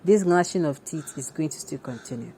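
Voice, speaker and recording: A Nigerian woman with a low, mellow voice hosts an opinionated news commentary show. She talks emphatically and conversationally, breaking off into asides and restarting her sentences. A faint hum of noise sits under her voice. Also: expressive, fairly quick. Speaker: commentary host.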